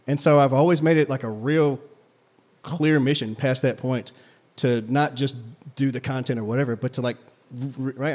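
A man's voice: mid-range voice, steady tone, normal speed, a little mellow. A man, a history teacher and podcast co-host, chatting casually and telling stories with lots of "like" and "right?" asides, recorded live in a coffee shop. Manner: rambling, filler-heavy, "like" and "right?" asides. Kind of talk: casual storytelling chat.

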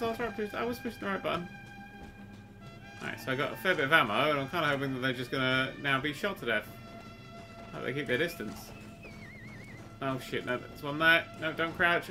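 A man giving sweary, excitable commentary while playing a video game, often jumping to shouts. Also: medium pitch. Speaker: let's play host. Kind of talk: gameplay commentary. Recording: game noise behind the voice. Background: gunfire and game sounds.

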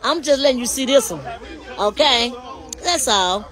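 A woman chatting casually on a phone live stream, animated and talking straight to her viewers, outdoors at night and then inside a car. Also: on the high side, a little slow, crowd noise. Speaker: livestreamer showing a car. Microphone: phone held in hand.

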